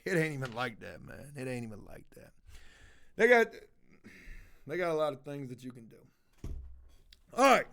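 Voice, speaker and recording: A man's voice: medium pitch, sing-song, moderate pace, gravelly, long pauses, a bit bright. A man ranting profanely to his livestream chat, rambling from one jab to the next and mocking a viewer. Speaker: streamer talking to chat. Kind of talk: casual livestream rant.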